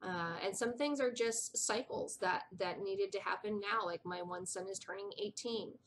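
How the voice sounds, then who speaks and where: A mid-pitched woman in her forties chats to her viewers, rambling through a story full of asides and quick apologies. Her tone stays casual and familiar, and a faint hum sits under the recording. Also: a bit bright. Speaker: vlogger.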